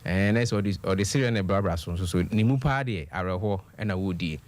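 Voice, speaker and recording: A man with a slightly low voice co-hosts a radio show. He reads listener comments aloud, switching between Twi and English, in easygoing banter. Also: quick pace, darkish tone. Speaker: radio co-host reading listener messages.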